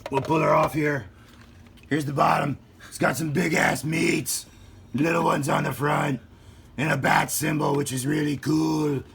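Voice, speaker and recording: A man putting on a comic impression of Batman, a gruff boastful male vigilante, with a gravelly, loud and strained voice in a hobby video. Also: on the high side, little pitch movement, unhurried, slight background noise, pitched above the performer's own voice, heavily acted. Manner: over-the-top growl while showing off a toy car.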